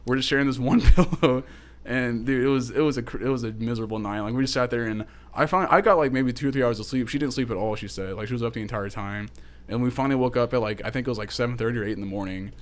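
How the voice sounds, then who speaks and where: A young man in his twenties with a drawl, co-hosting a casual podcast. He rattles through a long anecdote at a fast clip, filling it with "like", "dude" and casual swearing. His voice sits at an ordinary middle pitch. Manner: rambling, swears often, lots of "like" and "dude". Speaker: podcast co-host. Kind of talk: casual storytelling chat.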